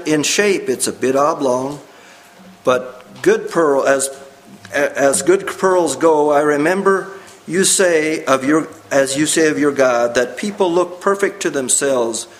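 A man reading the part of an old male pearl diver, speaking in halting, simple phrases. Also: on the high side, rough recording. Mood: earnest.

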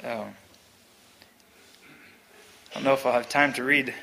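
A man's voice: mid-range voice, fairly even intonation, a little slow, creaky, sharp tone, slight background noise. A man reading a Christian story aloud in an earnest, plain storytelling manner, then chatting about it. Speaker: reader.

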